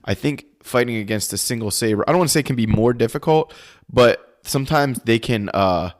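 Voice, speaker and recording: A man's voice: mid-range voice, expressive, a little fast. A man co-hosting a podcast, chatting casually over fight footage, thinking aloud with restarts and casual swearing. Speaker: podcast co-host. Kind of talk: casual video commentary chat.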